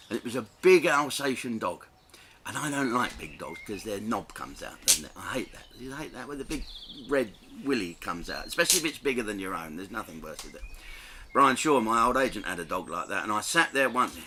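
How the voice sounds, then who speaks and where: A middle-aged man from the south of England spins a crude, self-mocking yarn, his pitch leaping up and down as he goes. His tone is very bright and cutting. A faint hum of ambience sits behind him. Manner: crude, animated, self-mocking, laughs between lines. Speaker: comedian telling a story. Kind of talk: storytelling anecdote.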